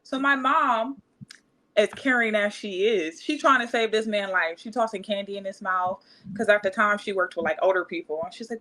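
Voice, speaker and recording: Black woman in her 30s, bright sharp voice, casual storytime on a podcast, animated. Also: mid-range voice, normal speed. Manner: candid, animated, acts out others' voices. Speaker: podcast co-host.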